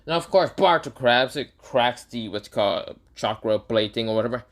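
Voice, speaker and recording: A man's voice: mid-range voice, lively intonation, a little fast. A young man casually retelling an imagined fan story, rambling with many fillers and self-corrections.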